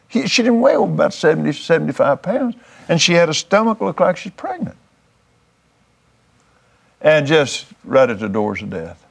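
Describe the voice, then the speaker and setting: A man's voice: on the high side, sing-song, moderate pace, gravelly, pauses often, husky. A man preaching, telling a testimony story in a fervent, folksy way, often restarting his words.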